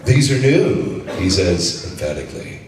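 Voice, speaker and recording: An actor voicing a brash, cocky male action hero with a deep, gravelly drawl at a live convention panel, heard from far off in an echoey hall. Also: sing-song, a little slow, a little hiss or hum. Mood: gruff deadpan.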